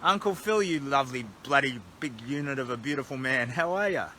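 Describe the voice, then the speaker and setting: This Australian-accented man, a charity walker, livestreams at night from outdoors at a roadside motel with his phone held at arm's length. He's animated and brisk, with a medium-pitched, sharp voice, rambling in a chatty, self-deprecating way over slight background noise.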